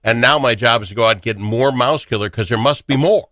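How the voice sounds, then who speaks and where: A man's voice: medium pitch, quick pace, dry recording, clean studio sound. A middle-aged man hosting a talk show, telling jokey stories in casual chat. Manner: animated, jokey storytelling. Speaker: radio talk show host.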